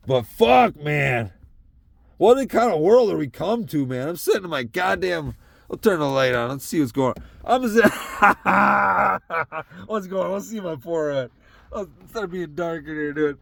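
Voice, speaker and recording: A man in his thirties sitting in his pickup truck, ranting profanely in a monologue that swings from shouting to quiet reflection. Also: on the high side, unhurried, creaky, no room sound. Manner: swearing, often shouting, then quiet and reflective. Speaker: podcast host.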